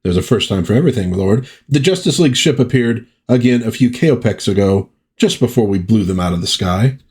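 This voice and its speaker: Man doing a dry, sarcastic comic-book lackey who delivers his lines quickly. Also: on the low side, lively intonation, darkish tone, natural voice.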